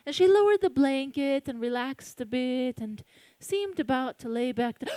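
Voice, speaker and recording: A Colombian woman telling a spooky folk tale aloud, hushed and dramatic, with suspenseful pauses. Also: high voice, big pitch swings, no echo, clean studio sound. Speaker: storyteller. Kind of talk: live oral storytelling.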